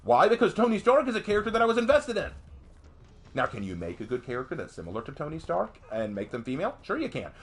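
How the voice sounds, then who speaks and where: A young adult man ranting on a live stream in a casual, emphatic way, jumping up in pitch during heated outbursts. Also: fast, breathy edge. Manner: animated, emphatic, voice jumps high in outbursts. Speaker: streamer and commentator.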